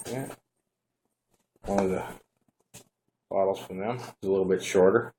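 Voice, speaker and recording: A man giving a relaxed, rambling hands-on product review at home, talking to the camera as he shows the device. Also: low voice, measured pace, a little hiss or hum.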